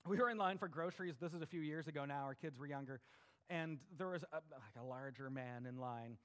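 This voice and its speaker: A man's voice: a little high, a little fast, fairly bright tone. A middle-aged man preaching a sermon in a conversational way, often checking in with "right?" and acting out voices. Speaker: pastor.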